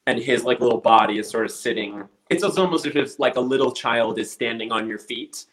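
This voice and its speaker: A man's voice: mid-range voice, brisk, poor audio. A man telling a story casually, acting out the voices of the people in it. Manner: animated storyteller acting out quotes.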